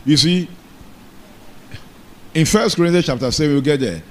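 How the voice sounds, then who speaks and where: A man preaches in church, his voice sitting high for a man. He keeps checking in with his congregation, asking if they are together and calling for an amen. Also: moderate pace. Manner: call-and-response preaching, asks the congregation for amen. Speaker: pastor. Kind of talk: sermon.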